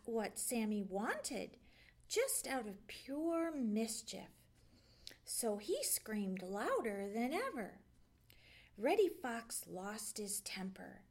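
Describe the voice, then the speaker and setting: Slow, expressive woman storyteller. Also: fairly high pitch, slightly rough. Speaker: library storyteller. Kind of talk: children's bedtime story reading.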